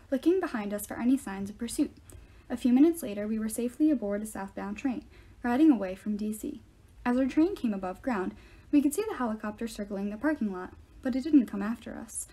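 Mellow woman reading a novel aloud. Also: a little high. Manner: steady first-person storytelling. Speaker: reader.

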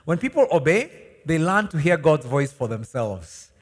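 Male pastor, animated sermon delivery, reverberant church hall sound. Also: a little high, normal speed. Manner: animated preaching with rhetorical questions and laughs.

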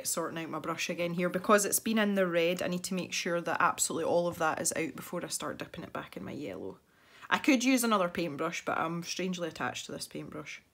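A woman with a Scottish accent and a slightly low voice talks her viewers through her painting in a relaxed, meandering way. She thinks aloud and drifts happily into side stories. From Scotland. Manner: chatty, thinks aloud, rambling asides. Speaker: art channel host. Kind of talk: casual chat while painting.

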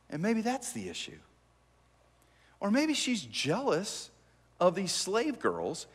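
A man preaching a sermon as pastor, animated and acting out the dialogue he quotes. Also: high-pitched, takes it slowly, long pauses, breathy edge. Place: church sanctuary. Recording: long reverb from a church hall.

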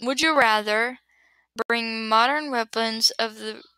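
A young woman chats to her computer webcam at home in a bright, fairly high voice, giggly and scatterbrained. She often trails off and starts again. The sound is dry and close, with no room echo. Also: slow pace. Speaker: vlogger answering would-you-rather questions. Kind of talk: casual rambling chat to camera. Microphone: built-in computer webcam mic.

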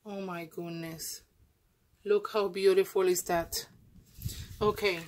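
A woman vlogger unboxing craft mail, gushing and effusive, with halting speech and many restarts. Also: mid-range voice, fairly even intonation, a little mellow, poor audio. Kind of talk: casual happy-mail unboxing.

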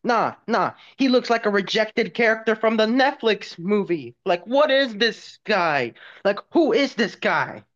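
A man's voice: high voice, lively intonation, a little slow, few pauses, fairly bright tone. A young man guesting on a crude comedic roast, mocking cartoon characters. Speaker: guest co-host. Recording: dull lo-fi mic.

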